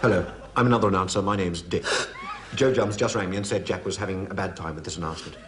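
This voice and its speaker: An actor playing a brisk, reassuring male announcer. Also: deep voice, steady tone, background noise, lightly acted. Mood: encouraging.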